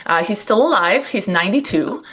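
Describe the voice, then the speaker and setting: A woman co-hosting a podcast in casual chat, animated and quick to laugh. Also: mid-range voice, breathy edge. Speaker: podcast co-host; physics professor.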